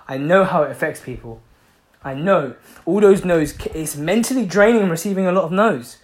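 A man's voice: high-pitched, animated, moderate pace. A man giving a passionate motivational talk, repeating himself for emphasis and swearing freely. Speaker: motivational speaker.

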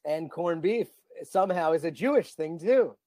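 A man's voice: a little high, lively intonation, moderate pace, mellow, dry recording. A man co-hosting a podcast, rambling with enthusiasm in casual chat. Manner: enthusiastic, rambling food talk. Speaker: podcast co-host.

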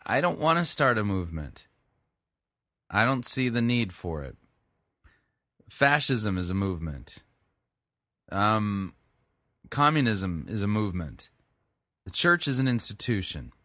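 A man's voice: lowish voice, very animated, measured pace, long pauses, pushed and bright, no echo. A man commenting critically and sarcastically on a sermon clip he is playing. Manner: sarcastic, dry.

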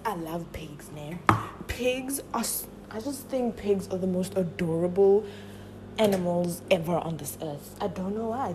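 A woman vlogging casually from her home kitchen, chatty and playful, her voice a little hoarse from yelling. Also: medium pitch, noisy background. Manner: playful and chatty, talks straight to viewers. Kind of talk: casual cooking vlog chat.

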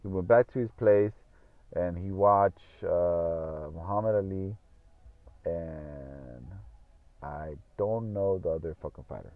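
A man's voice: low voice, slow, no room sound. A man telling a story in a casual monologue, rambling, repeating himself and swearing often. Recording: tinny phone-like audio.

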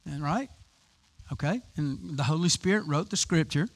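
A man's voice: on the high side, moderate pace. A man preaching a conversational sermon, with frequent restarts and rhetorical questions. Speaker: pastor.

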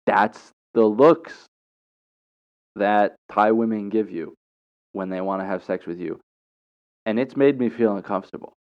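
A man in his twenties telling rambling stories in a casual, animated monologue. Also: fairly low pitch. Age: 20s. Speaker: storyteller. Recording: dull lo-fi recording.

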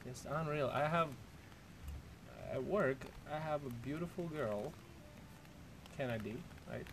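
A man's voice: a little high, measured pace, noisy background. A man co-hosting a casual chat podcast, telling rambling stories full of swearing and laughs. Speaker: podcast co-host.

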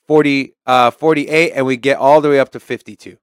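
A man's voice: medium pitch, fairly even intonation, brisk, hardly any pauses, clean tone, dry recording, clean studio sound. A man co-hosting a podcast in casual chat, explaining price charts and joking with his co-host.

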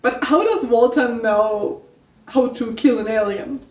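Giggly high-voiced woman, far from mic. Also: a little slow. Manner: giggly, animated. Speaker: co-writer reading a story. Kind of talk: casual chat. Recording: roomy echo, distant mic.

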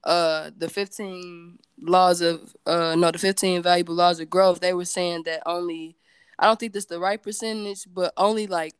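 A woman's voice: lowish voice, fairly even intonation, normal speed, clean tone, dry recording. A woman guest on a podcast, talking in a loose, candid way with many fillers and self-corrections. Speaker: podcast guest, entrepreneur and singer. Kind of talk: casual chat.

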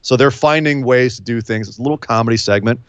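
Guy cohosting a podcast, chatty and animated, kinda dull lo-fi mic, dry. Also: medium pitch, clean tone, no room sound. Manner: animated, incredulous outbursts, quick asides. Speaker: podcast co-host. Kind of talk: casual wrestling chat.

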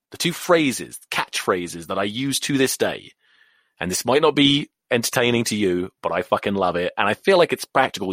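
An English man in his thirties rants on his podcast with a pitch that swings up and down all the time. He swears freely and keeps drifting into side stories. His voice sounds close and dry, with no room echo. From England. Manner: animated, sweary, rambling off on tangents. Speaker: podcast host. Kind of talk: casual rugby rant.

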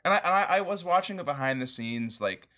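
A man co-hosting a casual review podcast in a bright, slightly high voice. He retells scenes in an animated way and slips into quick impressions of the characters. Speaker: podcast co-host.

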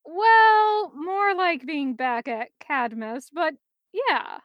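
A man's voice: very high-pitched, very slow, no echo, lo-fi sound, pitched above the performer's own voice, exaggerated voice. A woman doing a blunt, musing super-strong boy. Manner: flat, musing.

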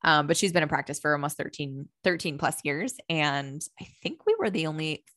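A woman's voice: sits low, animated, brisk, fairly bright tone, no room sound, clean studio sound. A young woman talking candidly and with animation, swearing casually as she tells a personal story and acts out her own thoughts.

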